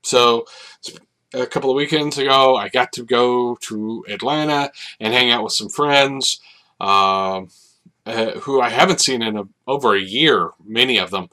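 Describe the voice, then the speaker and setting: A man's voice: mid-range voice, unhurried, sharp tone. A man hosting a solo podcast, rambling reflectively with many fillers and restarts. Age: adult, over 30. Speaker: podcast host. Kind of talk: casual solo monologue.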